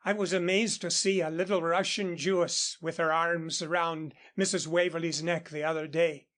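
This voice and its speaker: A man reading the lines of an admiring Russian noblewoman in an audiobook, quick and enthusiastic. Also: a little high, little pitch movement, fairly bright tone, close to an everyday voice.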